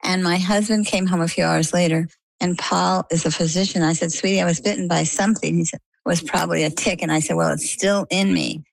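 A middle-aged woman from Maine tells her story as a guest, in a low voice with a gravelly edge. She talks casually and brings the quoted voices in her story to life. Her voice is recorded close and dry. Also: fairly quick, no echo, rough recording. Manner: animated storyteller, acts out quoted dialogue. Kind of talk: conversational storytelling.

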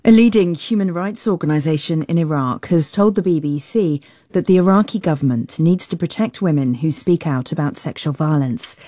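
A woman newsreader delivering a formal, measured news bulletin. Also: sits low, dark tone, dry recording, clean studio sound.

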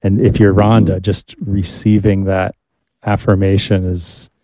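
A man hosting an interview, asking measured, thoughtful questions with some fillers. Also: low voice, little pitch movement, mellow, no echo. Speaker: interviewer, host.

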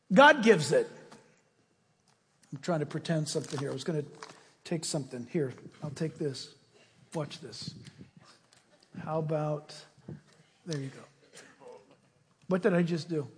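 A man's voice: high-pitched, animated, unhurried, long pauses, fairly bright tone. A male preacher giving an emphatic, folksy sermon, asking his listeners questions, heard in the long reverb of a large hall.

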